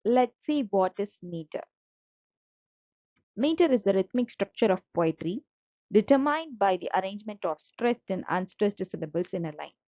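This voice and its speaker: A woman's voice: mid-range voice, lively intonation, normal speed, no echo. A woman teacher, explaining slides patiently and repeating points, with fillers. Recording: dull lo-fi dry audio.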